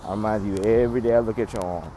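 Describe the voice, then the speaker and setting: A man talks straight into his own vlog, blunt and heartfelt, cursing freely and saying his points over and over. His voice sits fairly low. It was recorded outdoors, with clear background noise. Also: steady tone, very fast. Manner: blunt, profane, heartfelt, repeats lines. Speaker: vlogger. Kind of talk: emotional vlog monologue.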